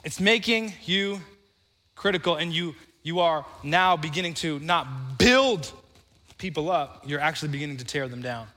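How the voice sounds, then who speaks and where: A man's voice: on the high side, lively intonation, moderate pace, pushed and bright, in a large hall. A man preaching a sermon as pastor, talking conversationally and calling on the congregation to answer back.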